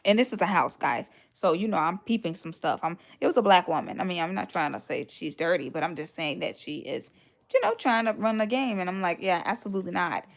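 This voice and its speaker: A woman's voice: fairly low pitch, expressive, fairly quick. A woman hosting a casual livestream from home, telling a long story and thanking viewers for gifts along the way. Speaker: livestream host. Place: home, near a radiator.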